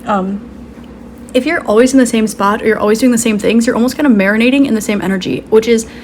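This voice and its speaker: A woman's voice: fairly high pitch, fast, a little mellow, slight background noise. A woman giving a casual intuitive card reading, rambling with many "um"s and "like"s and laughing easily. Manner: rambling, full of "um" and "like", giggly. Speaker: tarot card reader.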